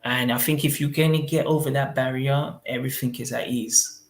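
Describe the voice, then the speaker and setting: A man's voice: mid-range voice, steady tone, normal speed. A man answering interview questions in a laid-back, rambling way full of fillers. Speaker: interview guest living abroad. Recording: roomy echo.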